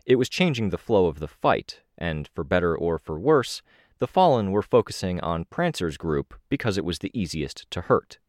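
Deep-voiced male audiobook narrator. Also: sing-song, normal speed, no echo, clean studio sound. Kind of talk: first-person audiobook narration.

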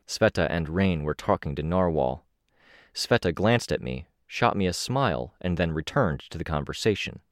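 A man with a deep, low voice reads a first-person audiobook in a steady, measured way. The sound is close and completely dry, with no room around it. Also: no echo. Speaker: audiobook narrator.

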